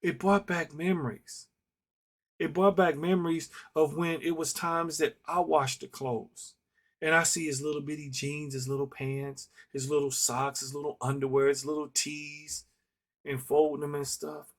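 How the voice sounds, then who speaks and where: A middle-aged vlogger delivers an earnest, reflective monologue about his own life, repeating himself heavily for emphasis as he tells a story. His pitch is fairly high with little movement, his pace moderate, and faint instrumental music plays behind him.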